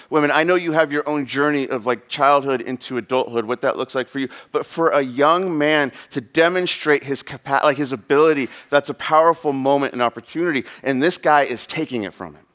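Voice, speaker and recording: A man's voice: medium pitch, brisk, hardly any pauses, a bit bright. A man in his thirties preaching a sermon in a casual, rambling way, full of fillers and asides. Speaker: pastor.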